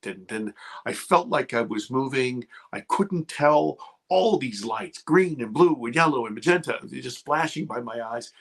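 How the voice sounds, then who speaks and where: Gravelly husky man telling a frightening story. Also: medium pitch, a bit bright. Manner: emotional, halting, restarts under strain. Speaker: guest. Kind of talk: personal story on a talk radio show.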